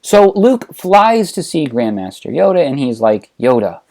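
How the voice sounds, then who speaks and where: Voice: medium pitch, sing-song, unhurried, darkish tone. A channel host narrating a comedic story retelling in a casual, wry way.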